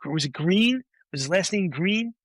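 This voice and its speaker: Man in his 40s, podcast guest, bright forceful voice, fairly high pitch, dry close sound, salty storytelling. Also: animated, moderate pace, no echo. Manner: swears freely, acts out quoted voices. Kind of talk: casual anecdote telling.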